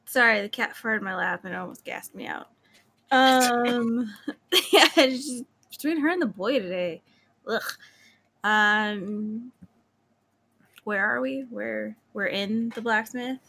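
A woman's voice: fairly high pitch, slow, gravelly, bright, forceful tone. A woman playing a tabletop game, chatting in an easygoing way. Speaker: player. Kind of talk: casual tabletop chat.

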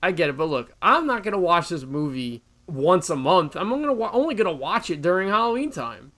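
Young man, slightly high, easygoing co-host. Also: brisk. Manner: relaxed, emphatic, laughs easily. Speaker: podcast co-host reviewing a movie. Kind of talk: casual chat.

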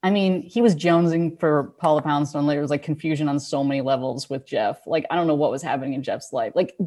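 A woman casually telling a rambling, animated story over a video call, swearing freely. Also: low voice, fast.

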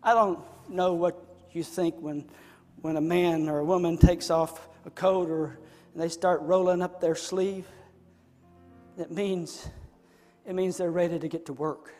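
A high-pitched male preacher delivering a sermon with dramatic swings in volume. He drops to near-whispers, then builds to fervent shouts. His voice carries a long reverb, as if he is recorded in a large hall. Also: steady tone, unhurried, soft background music.

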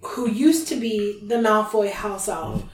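A woman hosting a podcast, casually retelling a book chapter in chatty, animated fashion. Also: mid-range voice, slow, slight background noise. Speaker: podcast host. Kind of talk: casual book recap chat. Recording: roomy, distant from mic.

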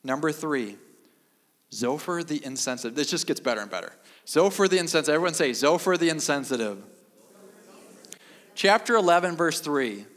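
A middle-aged man preaching a sermon as pastor, with a deadpan, self-mocking humor and emphatic repetition. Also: fairly high pitch, moderate pace. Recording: long reverb of a large hall.

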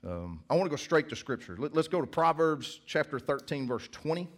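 A man's voice: fairly high pitch, very animated, fairly quick. A male pastor preaching a sermon in church, in a conversational, joking storytelling manner.

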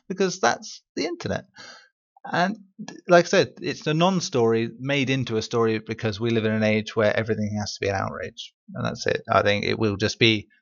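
A man's voice: lowish voice, vocal fry, highs cut off. A man co-hosting a gaming podcast, giving blunt, opinionated takes in casual chat. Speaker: podcast co-host.

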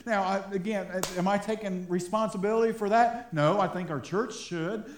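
A man's voice: high voice, moderate pace, reverberant, a little hiss or hum. A man preaching a sermon as pastor, talking in a conversational way and chuckling between points.

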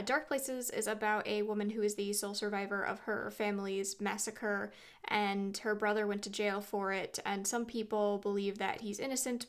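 Woman, podcast guest, casual chat, clear organized explanations, mid pitch.

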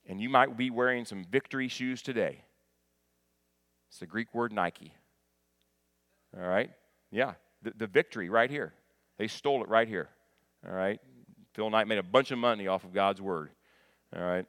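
A man preaching a sermon. He teaches in a conversational way, restarts his phrases often, asks the congregation questions and builds up to loud, emphatic peaks. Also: lowish voice, moderate pace, long pauses, no room sound, studio quality. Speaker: pastor.

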